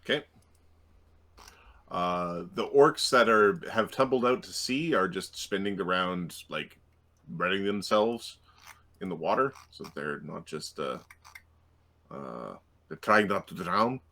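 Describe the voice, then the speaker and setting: A man's voice: low voice, expressive, slow pace, vocal fry, long pauses, pushed and bright. A man running a tabletop game as game master, hesitant, with many fillers and restarts and easy laughter.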